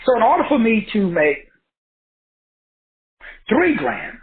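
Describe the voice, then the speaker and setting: A man's voice: high voice, huge pitch swings, slow. A man teaching a credit class over a group call in a preacher-like cadence, folksy and emphatic, firing off rhetorical questions and repeating phrases. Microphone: phone or call line. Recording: tinny phone-line audio.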